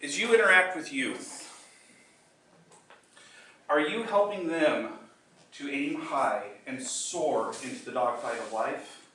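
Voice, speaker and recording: An older man delivering a storytelling contest speech, using dramatic pauses and slowing down for emphasis. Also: on the high side, lively intonation, sharp tone, a little hiss or hum. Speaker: contest speaker. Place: meeting room or hall. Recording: echoey hall, mic at a distance.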